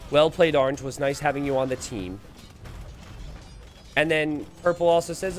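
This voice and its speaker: A man's voice: a little high, normal speed, pauses often. A man commentating a strategy game live on stream and reading the chat aloud. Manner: animated, reads viewer chat aloud.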